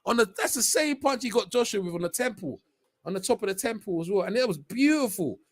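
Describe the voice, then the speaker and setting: A man's voice: sits high, fast. A man giving casual, slang-heavy live commentary on a boxing match as a stream host. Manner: slangy, chatty, rising to excited shouts on big punches.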